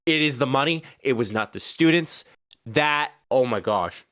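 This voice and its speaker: Animated young man co-hosting a podcast. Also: medium pitch, normal speed, no echo, clean studio sound. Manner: animated, gets heated and laughs often. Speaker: podcast co-host. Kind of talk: casual chat.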